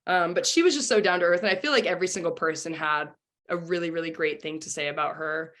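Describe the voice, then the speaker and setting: A young woman, a singer and former contestant, chats casually in an interview, her speech filled with "you know" and "um." Her voice is lowish, fast and a bit bright.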